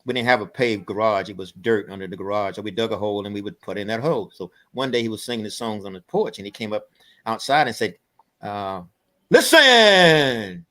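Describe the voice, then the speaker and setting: Older male guest, bright, forceful voice, emphatic, meandering storyteller. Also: fairly low pitch, fast talker. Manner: earnest, emphatic, rambling storyteller. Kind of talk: conversational storytelling.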